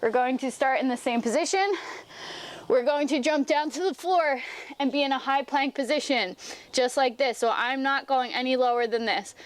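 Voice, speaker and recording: A young woman teaching a home workout, explaining each move step by step as she demonstrates it. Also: sits high. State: out of breath at times. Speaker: fitness teacher. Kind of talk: workout instruction.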